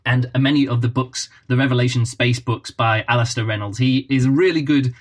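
A man's voice: mid-range voice, fairly even intonation, brisk. Rambling, chatty male podcast host. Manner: rambling, chatty, self-correcting. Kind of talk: casual solo podcast talk. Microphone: built-in laptop microphone.

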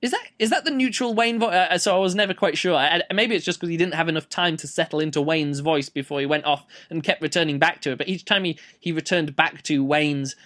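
A man's voice: on the high side, steady tone, fast talker, few pauses, a bit bright. A man giving a casual, rambling book review, playful and full of fillers.

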